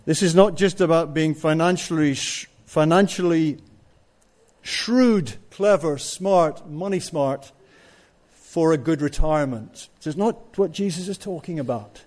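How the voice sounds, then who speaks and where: A man preaches a sermon in a slightly high, darkish voice at an unhurried pace, stressing his points and posing rhetorical questions to the congregation.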